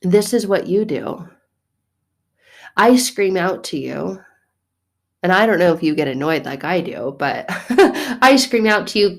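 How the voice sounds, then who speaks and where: A woman in her thirties telling a personal faith story as a mother, casual and animated, with laughing, mock-exasperated asides. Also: on the low side, measured pace. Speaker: mother sharing a faith reflection. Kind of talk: casual spoken reflection.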